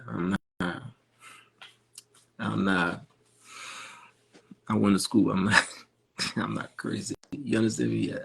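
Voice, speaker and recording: Liberian man, gravelly voice, husky, insistent casual talk, keeps checking he's understood. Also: deep voice, poor audio. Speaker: livestream caller addressing critics. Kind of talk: casual live chat.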